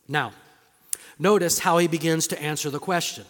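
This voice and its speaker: A middle-aged male pastor preaching a sermon in a conversational style, firing rhetorical questions and moving between emphatic points and hushed asides. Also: fairly high pitch, fairly even intonation, moderate pace. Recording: long reverb of a large hall.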